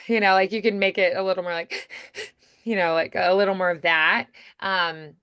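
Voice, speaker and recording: A woman's voice: medium pitch, steady tone, normal speed, fairly bright tone, smooth, dry recording, studio quality. A woman coaching a voice acting student in casual, chatty feedback, full of "like" and "you know", often acting out example lines.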